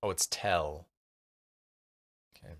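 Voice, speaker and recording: A man's voice: low voice, takes it slowly, fairly bright tone. A male streamer reading a gamebook aloud and muttering asides to himself as he decides what to do. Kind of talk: casual narration while playing a gamebook.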